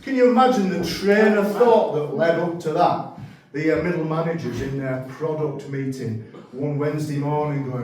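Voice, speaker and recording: Male comic, rambling storyteller, high voice, very echoey room. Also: normal speed. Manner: rambling, animated storytelling with self-corrections. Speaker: stand-up comedian. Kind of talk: stand-up set. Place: comedy club stage. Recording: very echoey room, mic at a distance.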